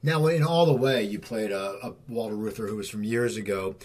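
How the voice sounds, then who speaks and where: A man's voice: fairly low pitch, fairly quick, darkish tone, slightly rough. A man interviewing an actor, asking long, searching questions.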